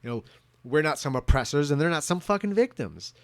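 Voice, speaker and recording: A man's voice: fairly high pitch, expressive, fairly quick, no echo. Rambling, profane man ranting. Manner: profane, rambling, many restarts. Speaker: vlogger. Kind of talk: drunken rant.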